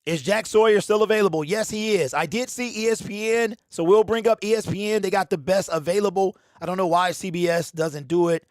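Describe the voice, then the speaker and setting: A man hosting a casual fan livestream, animated and slangy, talking straight to his chat. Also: sits high, brisk, hardly any pauses, no room sound, clean studio sound. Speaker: livestream host.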